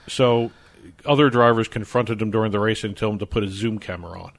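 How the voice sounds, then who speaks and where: Low-voiced Jersey man explaining sports news. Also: fairly quick, creaky. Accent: New Jersey. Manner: explains news stories at length, some restarts. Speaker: podcast co-host. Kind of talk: casual sports chat.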